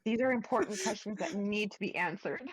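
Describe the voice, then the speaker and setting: A woman's voice: mid-range voice, fairly quick, slightly rough, no room sound, rough recording. A woman playing in an online tabletop game, chatting casually, laughing a lot and swearing freely. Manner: giggly, excitable, swears freely. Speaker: player.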